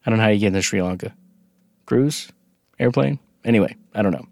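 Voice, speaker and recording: A man with a fairly low voice talks through a casual podcast. He reads from notes in a halting way, keeps restarting his sentences and throws in jokes. His voice is close and dry. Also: gravelly, a little mellow, dry recording. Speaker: podcast co-host. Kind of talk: casual conversational podcast chat.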